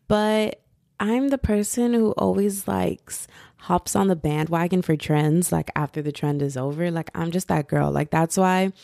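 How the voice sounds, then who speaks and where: Chatty young woman with a gravelly voice. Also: lowish voice, mellow, no echo, clean studio sound. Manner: chatty, rambling, full of fillers and "y'all". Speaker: podcast host. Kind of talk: casual podcast monologue. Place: at home.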